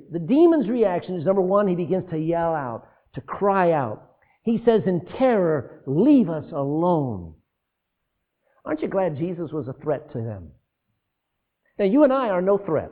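Animated man preaching a sermon. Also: a little high. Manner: animated, preaching with rhetorical questions and asides to the congregation. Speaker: pastor. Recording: tinny phone-like lo-fi sound.

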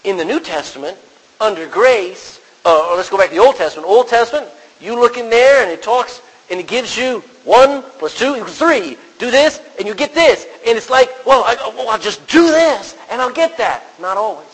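In a large hall with long, lingering reverb, a man preaches a sermon in a conversational style, quoting scripture and asking the congregation questions. His voice is high-pitched, husky and expressive, at a normal speed.

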